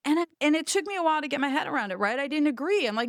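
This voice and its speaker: A woman's voice: sits high, big pitch swings, racing, hardly any pauses, dry recording, clean studio sound. A middle-aged woman hosting a podcast, telling a personal story in a blunt, profane, self-mocking way. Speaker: podcast host.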